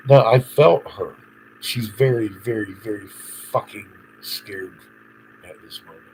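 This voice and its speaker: A man's voice: lowish voice, noisy background. A man live-streaming an unscripted monologue, agitated, swearing and rambling. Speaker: livestreamer.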